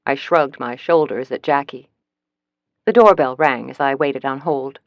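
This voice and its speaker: A woman narrating a first-person mystery audiobook in a measured, even storytelling manner. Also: rumbling low, no echo, lo-fi sound.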